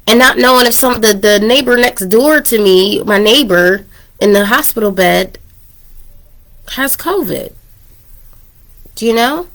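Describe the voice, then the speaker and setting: Woman podcast host, candid and chatty, slightly gravelly, a bit under the weather, low mic level. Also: lively intonation, normal speed, a bit bright. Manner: chatty, candid, laughs often. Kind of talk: casual chat. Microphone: microphone turned down low.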